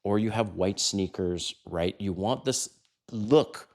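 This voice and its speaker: A man's voice: fairly low pitch, slow pace, a little mellow. An older man coaching other men on dating, blunt and direct, full of rhetorical questions. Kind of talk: direct-to-camera advice talk.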